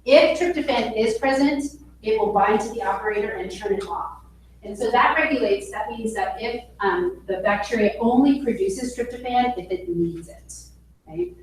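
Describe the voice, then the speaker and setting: A woman teaching a biology class, explaining slowly and checking in with her students as she goes. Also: on the high side, animated. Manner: slow, explanatory, checks in with okay. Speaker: biology instructor. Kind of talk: classroom lecture. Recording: echoey classroom with faint noise.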